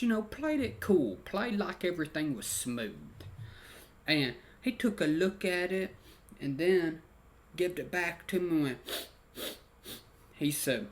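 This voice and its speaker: A man's voice: on the high side, lively intonation, takes it slowly, long pauses. A young man telling a story casually in a rambling, profane way, with slangy dialect grammar and constant "you know" fillers. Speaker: vlogger.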